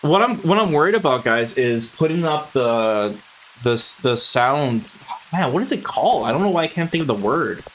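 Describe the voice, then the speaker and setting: A man's voice: mid-range voice, sing-song, normal speed, fairly bright tone, slight background noise. A man streaming a game, chatting casually and rambling to his viewers and swearing freely. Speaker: gaming streamer. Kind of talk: casual chat while playing a game.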